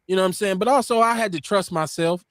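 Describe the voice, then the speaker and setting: A man hosting a casual podcast talk show, telling stories with lively quoted voices. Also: high voice, fast, no echo. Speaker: podcast host. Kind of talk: casual chat.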